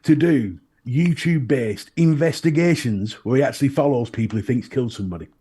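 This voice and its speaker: Husky-voiced man with wry asides. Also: mid-range voice, a little fast, mellow. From northern England. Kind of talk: casual podcast chat.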